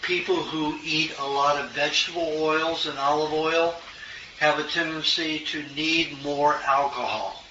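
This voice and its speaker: A man's voice: on the high side, steady tone, measured pace, pushed and bright. Older man telling stories in a roomy hall. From American South. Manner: folksy storytelling, chuckles often. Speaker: health lecturer. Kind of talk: casual Q&A talk. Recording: roomy, distant, muffled, noisy room recording.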